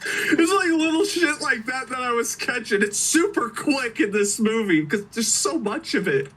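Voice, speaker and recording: Male podcast co-host, high bright voice, swearing storyteller, mic set back. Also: normal speed, breathy edge, recorded from a distance, poor audio. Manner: animated, swearing, laughing storyteller. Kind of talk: excited casual movie chat.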